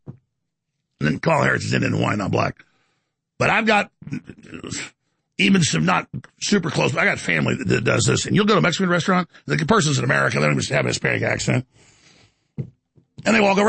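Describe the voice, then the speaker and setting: A man's voice: on the high side, very animated, quick pace, creaky, sharp tone, breathy edge, no echo. A man hosting a live call-in talk show, ranting about politics in a rambling way with stammering restarts. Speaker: talk show host taking calls.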